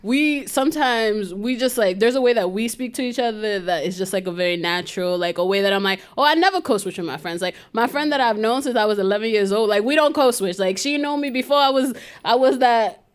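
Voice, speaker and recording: A woman's voice: a little high, brisk, few pauses, smooth. A woman with a Bronx Dominican accent, co-hosting a live podcast and telling stories with frequent laughter. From Bronx, New York. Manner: lively storyteller, laughs often. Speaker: podcast co-host.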